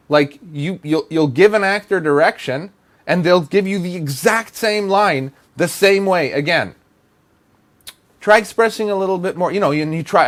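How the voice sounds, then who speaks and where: A man giving acting advice in a blunt, exasperated rant, hammering points with repetition. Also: on the high side. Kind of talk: direct-to-camera advice rant.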